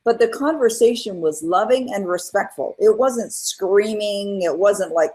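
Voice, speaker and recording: A middle-aged woman as an interview guest, telling her own story in an earnest, animated way and acting out what people said. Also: medium pitch, measured pace, hardly any pauses, husky, low-quality recording. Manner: earnest, animated retelling with acted-out quotes. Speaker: guest, author and coach.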